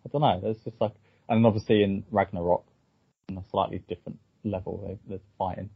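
A man's voice: sits low, steady tone, fairly quick, gravelly, husky, no echo. A man hosting a podcast, chatting casually about films with frequent ums and restarts. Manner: hesitant, lots of ums and restarts. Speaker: podcast host. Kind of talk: casual film review chat. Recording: dull, slightly lo-fi dry sound.

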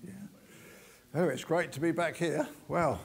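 Chatty older preacher, gravelly. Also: male voice, a little high, normal speed. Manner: chatty, jokey, lots of "you know" asides. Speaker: visiting preacher. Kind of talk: informal sermon. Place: church.

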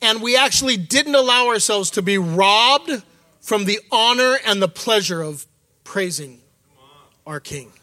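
A man's voice: sits high, expressive, a little slow, pushed and bright, no echo. A middle-aged man giving a candid, conversational sermon as an associate church leader. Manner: candid, conversational preaching with quoted asides.

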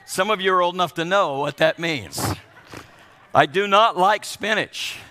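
An older man preaches with a high, bright voice that carries, his words ringing out through a long hall reverb. He delivers the sermon with animated storytelling and slips into playful voices for the people he describes. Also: a little slow. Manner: animated, acts out kids' and others' voices. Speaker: pastor.

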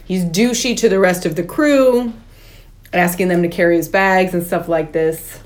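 A woman's voice: on the low side, moderate pace. A woman co-hosting a movie podcast, recapping the plot in casual chat with many fillers. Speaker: podcast co-host.

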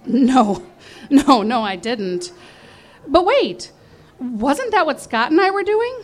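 Animated, high-voiced woman storyteller. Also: takes it slowly. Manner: animated, emotional, self-mocking. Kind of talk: performed personal storytelling.

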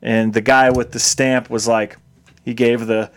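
A man co-hosting a casual chat, retelling movie scenes with animated disbelief. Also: mid-range voice, measured pace. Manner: animated, incredulous storytelling. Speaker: podcast co-host.

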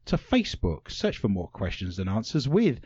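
A man's voice: on the low side, huge pitch swings, moderate pace, warm tone, breathy edge, no room sound. A man hosting a radio talk show, joking and punning with theatrical flair. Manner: playful, punning, theatrical delivery. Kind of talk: jokey quiz show banter. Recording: dry, slightly dull lo-fi sound.

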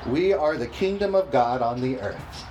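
A man preaching a sermon, reading scripture slowly and emphatically and calling for responses from the congregation. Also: mid-range voice, lively intonation, background noise. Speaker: pastor.

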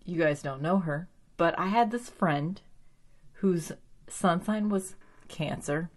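Animated woman recapping a TV episode. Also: on the low side, slow pace. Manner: animated, frequent "like", swearing. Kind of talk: casual chat recapping a TV episode.

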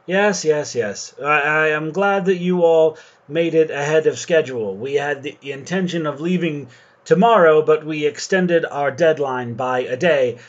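A man's voice: unhurried, lo-fi sound, lightly acted. A man playing a foppish genteel ship captain. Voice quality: high, airy and affected.

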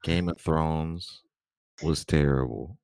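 A man in casual podcast chat who talks bluntly and laughs loudly. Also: very deep voice, slow pace, gravelly, clear, resonant tone, no room sound.

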